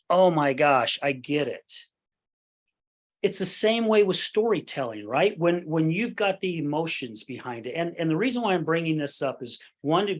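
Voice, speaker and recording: A man hosting a podcast interview, talking earnestly and often checking in with "right?". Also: mid-range voice. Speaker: podcast host.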